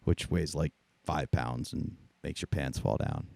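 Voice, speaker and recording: Low-voiced man, laid-back storyteller. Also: unhurried, creaky, a little mellow, no room sound. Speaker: comedian and podcast co-host. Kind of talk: casual chat.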